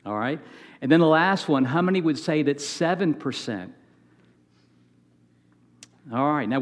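A middle-aged man preaching a sermon as a guest speaker, talking in a conversational way, often repeating words and polling the audience. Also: on the high side.

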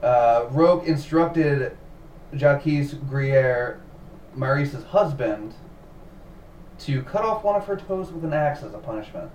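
Reading a cult story from his notes on a laid-back podcast, a man speaks slowly in an animated, medium-pitched voice with a darkish tone. He laughs readily and sometimes repeats himself. The audio sounds roomy and distant, with faint noise.

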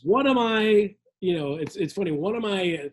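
A man from Miami with a husky, breathy edge to his voice, co-hosting a loose comedic chat. His delivery swings up and down with a lot of life as he playfully tosses Spanish phrases into his talk. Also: high-pitched, lively intonation, moderate pace. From Miami, USA. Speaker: co-host.

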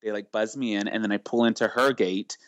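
Animated man telling a story in an interview. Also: on the low side, brisk, no room sound. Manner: animated, acts out quoted dialogue, heavy use of filler. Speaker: celebrity makeup artist, guest.

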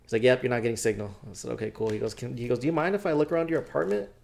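A man's voice: medium pitch, racing, creaky. Young guy telling a story on a podcast, casual and slangy, cusses a lot, acts out the quotes. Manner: animated, slangy, swears freely, acts out quoted dialogue. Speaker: podcast co-host.

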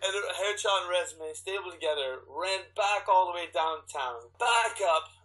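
A man's voice: high-pitched, expressive, normal speed, fairly bright tone, low-quality recording. A man from Canada, an actor and guest, telling a rambling, profane story full of restarts. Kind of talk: animated storytelling.

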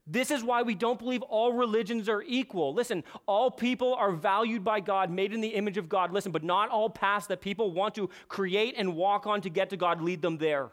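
A man's voice: high voice, moderate pace, hardly any pauses, a bit bright. A male pastor preaching a sermon with impassioned emphasis that builds to strong peaks.

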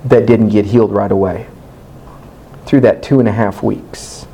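A man preaching a sermon, telling a personal story in an animated, candid, self-mocking way and acting out his own past dialogue. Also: fairly low pitch, moderate pace, slight background noise, rough recording.

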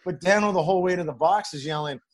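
A man's voice: sits high, quick pace, low-quality recording. A middle-aged man, a former hockey player, telling locker-room stories in a casual, rambling way, livening up when he quotes teammates. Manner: rambling, animated when quoting others. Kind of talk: casual storytelling.

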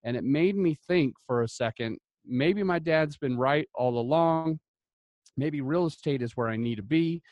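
A man from Utah, a podcast guest, telling stories in a lively, enthusiastic way. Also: a little high, unhurried, dry recording, highs cut off. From Utah, United States. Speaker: podcast guest, real estate investor. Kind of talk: casual storytelling interview.

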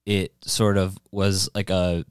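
A man's voice: sits low, level tone, slow pace, clear, resonant tone, no echo. A man co-hosting a podcast in casual chat, laid-back and hesitant, with dry jokes. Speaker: podcast co-host.

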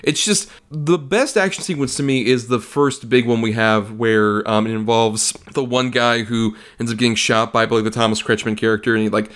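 A man in the middle of a casual film podcast, talking at an ordinary middle pitch. He gets animated and profane, tossing in mocking little impressions as he rants about a movie. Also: fairly quick, few pauses. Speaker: podcast co-host. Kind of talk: casual film review chat.

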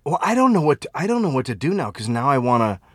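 Brief: male comedy podcast co-host, deadpan absurd storyteller, lively pitch. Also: fast talker, slight background noise. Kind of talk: casual comedic chat.

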